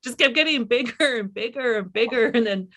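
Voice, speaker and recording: A middle-aged woman in a candid, reflective conversation as a filmmaker guest, talking haltingly with many restarts. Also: a little high, a bit bright.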